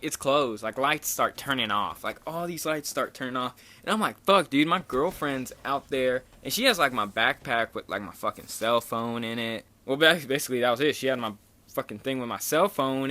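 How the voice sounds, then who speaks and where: Bright-voiced young man telling a story. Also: medium pitch. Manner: casual, profane, rambling with many fillers. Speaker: gaming vlogger. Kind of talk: storytime over gameplay.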